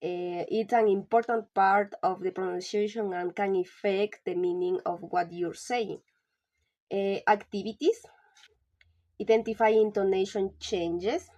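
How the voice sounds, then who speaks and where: A woman presents a pronunciation lesson, reading from her notes. Her delivery is halting, broken up by frequent filler sounds and pauses. Her voice sits at an ordinary middle pitch. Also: steady tone, a little mellow, dull audio. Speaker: English teacher.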